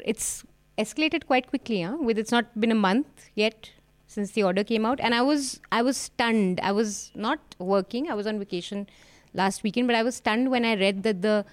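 A woman's voice: a little high, moderate pace, dry recording. Woman talking news on a podcast. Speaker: podcast panelist. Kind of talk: casual panel chat.

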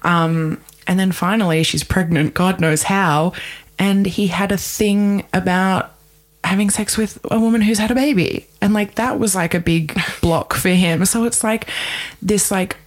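A woman's voice: medium pitch, fairly even intonation, measured pace. A woman co-hosting a podcast, chatting casually about a film with lots of fillers. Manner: chatty, many fillers, frequent laughs. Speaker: podcast co-host.

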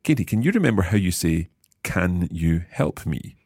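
A man hosting a language lesson, patiently explaining Italian words and slowing down to repeat phrases. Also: low voice, very animated, darkish tone, breathy edge, no room sound, studio quality. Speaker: language course host.

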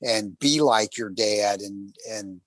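Fairly low in pitch and slow-paced, a male talk show host shares stories from his bike trip in a casual on-air chat. His delivery is animated and rambling, and he acts out what people said.

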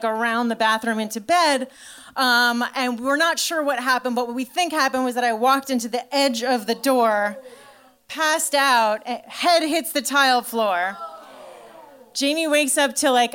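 A woman telling a story in a stand-up comedy set, chatty and animated, full of "like" and swearing. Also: sits high. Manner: animated storytelling to a live audience.

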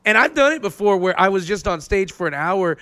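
A man, a stand-up comedian, telling stories in a casual podcast chat, animated, loud and profane. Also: sits high, fairly quick, no echo.

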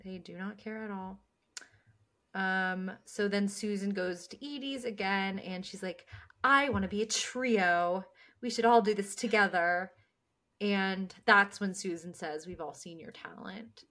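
A woman's voice: medium pitch, a little slow, fairly bright tone. A woman co-hosting a podcast, chatting casually as she recaps a TV episode, laughing often and acting out the characters' lines. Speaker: podcast co-host.

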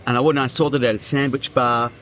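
A man's voice: mid-range voice, level tone, very fast, fairly bright tone, slight background noise. A man, a comedian and podcast guest, telling vivid, theatrical food stories in casual chat.

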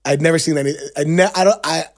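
A middle-aged man, a songwriter and agent, telling a story in casual conversation, animated and quoting others with lots of fillers. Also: fairly high pitch, quick pace.

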